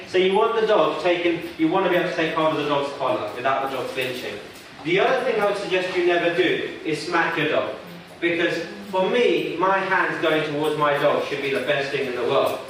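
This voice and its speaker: A man's voice: a little high, a bit bright, slight background noise. A male dog trainer leading a workshop, conversational and asking the audience questions. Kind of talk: workshop teaching. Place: workshop room. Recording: echoey room from far off.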